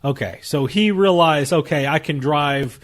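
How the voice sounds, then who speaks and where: A man with a New Jersey accent co-hosting a sports podcast, reacting and asking quick, jokey questions. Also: on the high side. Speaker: podcast co-host. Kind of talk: casual sports chat.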